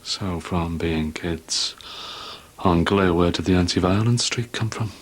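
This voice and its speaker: A man's voice: low-pitched, a little slow. A middle-aged man, playing a wry father-in-law in a 1990s TV soap, asking teasing, probing questions.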